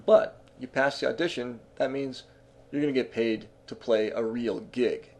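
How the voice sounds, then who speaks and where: A man's voice: mid-range voice, fairly even intonation, normal speed, darkish tone. Man giving casual music business advice. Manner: conversational, frequent fillers and restarts.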